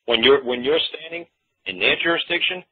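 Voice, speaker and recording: A man's voice: medium pitch, fairly quick. A man talking casually on a radio show, rambling and emphatic, repeating himself and acting out other people's lines. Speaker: talk show guest explaining common law. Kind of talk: casual phone-in radio talk. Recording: tinny phone line, husky.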